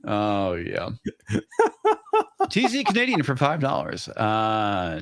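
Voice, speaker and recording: A man's voice: on the low side, huge pitch swings, slow, creaky, pauses often, a bit bright, no room sound. Chatty guy on a livestream reading super chats, bouncy voice, dry close sound. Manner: loose, joking, drinking. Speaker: host. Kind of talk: casual live-stream chat, reading super chats.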